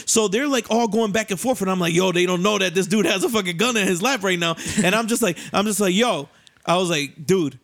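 Young man, high voice, casual storytelling, laughs a lot, slangy and profane. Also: fairly quick. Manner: animated, laughing, acts out voices with rising pitch.

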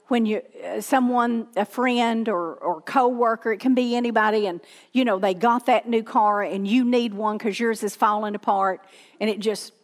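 A woman's voice: medium pitch, big-room sound. A woman pastor with a Southern accent, preaching a sermon with emphatic repetition and questions to the congregation.

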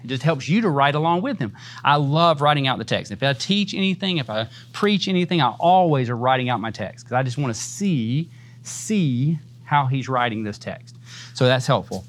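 A man's voice: medium pitch, expressive, moderate pace. A man teaching a church Bible class in a casual, conversational way, often adding "man" and "right?" and laughing easily.

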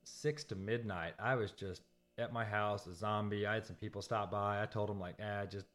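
Jet lagged guy rambling in a casual chat, gets loud then drops to a mumble. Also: steady tone, moderate pace. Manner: rambling, swings from loud bursts to low murmurs.

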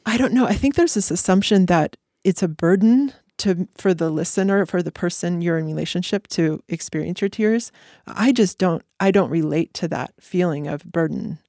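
A woman guest on a podcast, talking earnestly in a reflective conversation with halting restarts. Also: lowish voice, mellow, no echo, studio quality. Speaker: podcast guest, eating disorder clinic co-founder.

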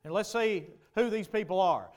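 A male pastor preaching a sermon, asking the congregation questions and building to loud, emphatic passages. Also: high-pitched, normal speed. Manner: preaching with rhetorical questions to the congregation, rising to shouts.

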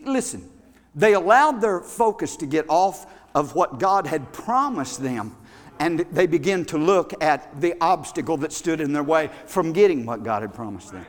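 Preacher, man, high and bright, dramatic storyteller, hall echo. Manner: dramatic storytelling, swings from hushed to shouting. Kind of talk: sermon. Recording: echoey hall.

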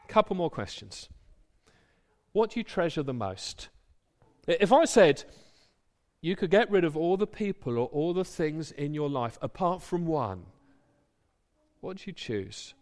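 A man in his thirties delivers a sermon with a slightly high voice. His delivery is lively and swings up and down in pitch. He acts out the voices of imagined people as he preaches.

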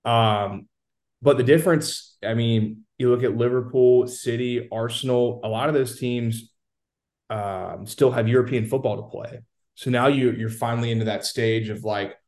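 A man's voice: medium pitch, moderate pace, a little mellow. A man on a casual sports chat, confidently breaking down how the league is going. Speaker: soccer analyst guest.

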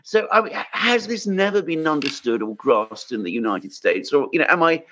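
A man on a discussion panel who asks pointed questions and talks with quick restarts. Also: fairly high pitch, animated, sharp tone, lo-fi sound, a little hiss or hum.

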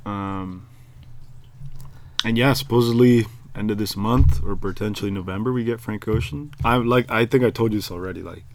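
Easygoing low-voiced male podcast host. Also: normal speed. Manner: relaxed, filler-heavy, easygoing. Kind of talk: casual chat.

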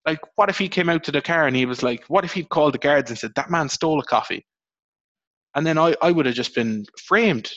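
A young Irish man hosting a podcast, telling rambling, swearing stories with sudden high jumps in his voice. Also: fast talker, hardly any pauses, no echo, muffled recording. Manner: rambling, swears, animated storytelling with pitch jumps. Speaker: podcast host. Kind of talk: casual podcast chat.

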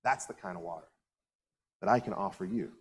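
A man, a pastor giving a sermon in a relaxed, conversational storytelling way, acting out the voices of the people in the story. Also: sits low, a little fast, long reverb tail, a little hiss or hum.

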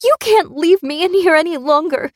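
A woman's voice: extremely high pitch, animated, moderate pace, dry recording, studio quality, pitched above the performer's own voice. A woman voicing a terrified young woman held captive, pleading, screaming and whimpering in an audiobook thriller. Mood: desperate.

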